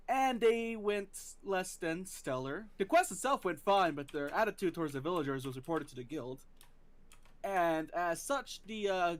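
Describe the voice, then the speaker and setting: A man acting as game master, recapping the last session in a relaxed, explanatory way. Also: on the high side. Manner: relaxed, explanatory, stumbles on words.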